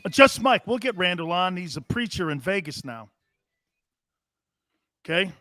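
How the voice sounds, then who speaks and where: Animated, high-voiced sports radio host. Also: male voice, a little slow, no echo, clean studio sound, soft background music. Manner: animated storyteller, laughs often, curses. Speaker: sports talk show host. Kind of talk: casual sports radio chat.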